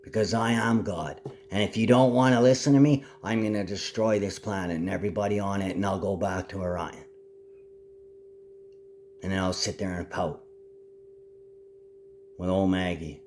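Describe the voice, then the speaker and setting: A man delivering a rambling, grandiose solo monologue, shifting between low muttering and loud declaring. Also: steady tone, normal speed, pauses often, slight background noise.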